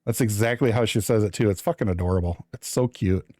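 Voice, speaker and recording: A man's voice: lowish voice, fast talker, darkish tone, no echo. Chatty man streaming live, dry sound. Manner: chatty, teasing, thinks aloud while building. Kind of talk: casual live-stream chat.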